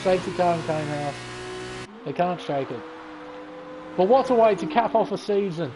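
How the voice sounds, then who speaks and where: A man giving casual commentary on a sim-racing league race, excitable and sleepy, swearing and laughing. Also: high voice, normal speed. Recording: race car engine noise behind. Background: racing game car sounds.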